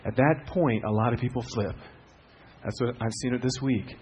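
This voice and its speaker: A middle-aged man preaching a sermon as a pastor, telling stories with swings from hushed to loud. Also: mid-range voice, normal speed, slight background noise.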